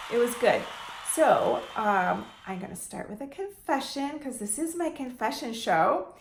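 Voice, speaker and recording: A woman from the Detroit area talks straight to camera as a landlord vlogger, chatty and animated. She slips into little quoted voices when she retells phone calls. Her voice sits a touch high with a gravelly edge, and the room around her is echoey. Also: background noise. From Detroit area, United States. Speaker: landlord and real estate investor vlogger. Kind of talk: casual talking-head advice vlog.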